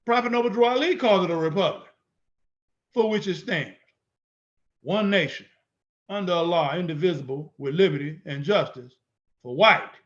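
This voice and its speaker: A man's voice: high-pitched, normal speed, long pauses, dull audio. A man teaching in an emphatic way, repeating his points and asking rhetorical questions. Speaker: instructor. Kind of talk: teaching lecture.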